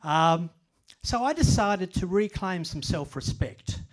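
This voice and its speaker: An older man speaks at a library event, spinning humorous stories at his own expense. His voice sits slightly higher than most men's. He keeps an easy storytelling tone. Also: expressive, takes it slowly. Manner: self-deprecating humorous storyteller. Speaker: author giving a talk. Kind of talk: storytelling presentation.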